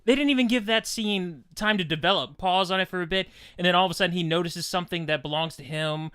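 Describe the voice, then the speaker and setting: A man with a high, bright and crisp voice, co-hosting a movie review podcast. He retells scenes in a lively, mocking way. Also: quick pace. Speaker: podcast co-host. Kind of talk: casual movie review chat.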